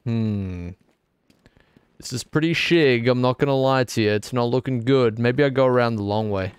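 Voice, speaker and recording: A man's voice: medium pitch, moderate pace, smooth, no room sound, clean studio sound. A young man streaming a game, rambling and joking as he answers his chat. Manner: rambling, jokey, talks back to chat. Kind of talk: casual gaming stream commentary.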